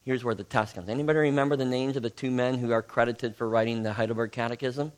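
A man's voice: mid-range voice, steady tone, fast, a little mellow. A man, a pastor giving a conversational teaching sermon and asking his congregation questions.

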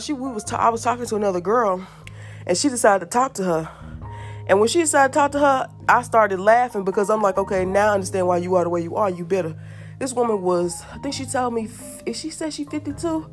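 A woman hosting a podcast, telling personal stories in a blunt, candid, casual way and often addressing listeners directly. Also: mid-range voice. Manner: blunt, candid storytelling, repeats "I'm telling y'all". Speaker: podcast host. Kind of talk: casual monologue.

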